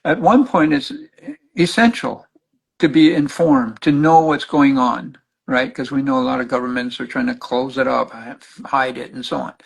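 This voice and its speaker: An older man, a spiritual counselor, teaching in animated conversation and acting out his clients' words as he tells their stories. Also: mid-range voice, normal speed, vocal fry, husky, poor audio.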